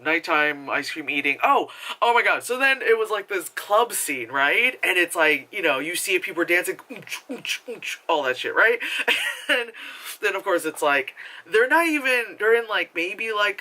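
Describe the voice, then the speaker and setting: A man talks through a movie review in a casual vlog, high in pitch and swinging widely up and down. His tone is very bright and sharp. He swears freely, laughs often and acts out the characters. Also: normal speed. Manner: animated, profane, laughing, acting out characters.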